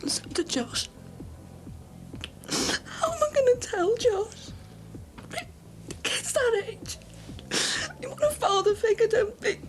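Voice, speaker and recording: A woman's voice: sits high, expressive, a little slow, vocal fry, faint music behind, heavily acted. An actress playing a heartbroken woman, confiding tearfully in TV soap acting. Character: heartbroken barmaid left by a thieving partner.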